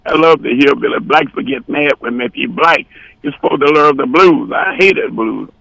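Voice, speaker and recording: Gravelly, bright-voiced man telling bawdy tales. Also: mid-range voice, normal speed, no echo, low-quality recording. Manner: bawdy, rambling, jumps between stories. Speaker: guest musician. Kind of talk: casual storytelling on radio.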